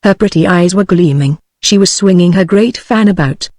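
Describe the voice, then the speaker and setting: A synthetic text-to-speech woman's voice with a British English accent, reading a novel aloud in an even, machine-like way. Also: on the low side, moderate pace, no room sound. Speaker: audiobook narrator. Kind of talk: text-to-speech audiobook narration.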